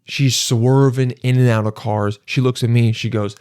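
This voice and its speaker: A young man hosting a podcast, telling a comic story in a rambling, exasperated way and jumping into animated voices. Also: medium pitch, moderate pace, smooth, dry recording, studio quality. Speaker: podcast host. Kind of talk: comedic storytelling monologue.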